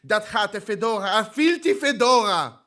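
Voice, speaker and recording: A man's voice: sits high, animated, normal speed, pushed and bright. A man calling in as a supposedly Swedish caller with a put-on accent and stilted phrasing. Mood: earnest.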